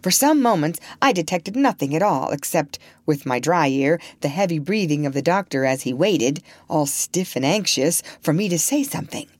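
A woman narrating a children's novel as an audiobook reader, in clear storytelling delivery. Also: low voice, animated, moderate pace, hardly any pauses, no room sound.

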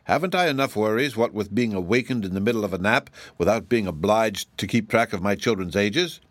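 A man's voice: fairly low pitch, fairly quick, no echo, natural voice. A man voicing an old, sleepy mother dragon who grumbles and complains about being woken. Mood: grumbling. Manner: grumbling and fussy.

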